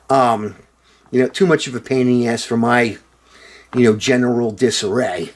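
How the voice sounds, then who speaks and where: A man's voice: medium pitch, normal speed. A man vlogging in a casual, rambling monologue, sarcastic and profane with lots of fillers.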